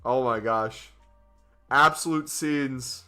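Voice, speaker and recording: A male streamer chatting during a live game stream on his microphone, excitable and joking. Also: mid-range voice, slow, soft background music. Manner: excitable and joking, with whoops and laughs.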